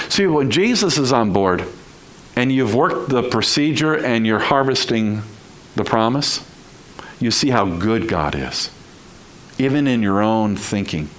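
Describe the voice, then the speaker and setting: A man's voice: medium pitch, expressive, measured pace, fairly bright tone, rough recording. A male pastor preaching a sermon in a conversational style, full of rhetorical questions to the congregation.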